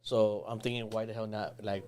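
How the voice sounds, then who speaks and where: A man's voice: lowish voice, little pitch movement, moderate pace, darkish tone. A man co-hosting a casual talk show, joking and a bit scattered. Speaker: podcast co-host. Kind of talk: casual chat.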